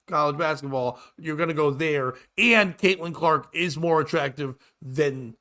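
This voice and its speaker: Male host, high voice, crude jokey chat, laughs a lot. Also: bright, forceful tone. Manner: crude, joking, quick to laugh. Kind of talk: casual comedy chat. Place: live-streamed show.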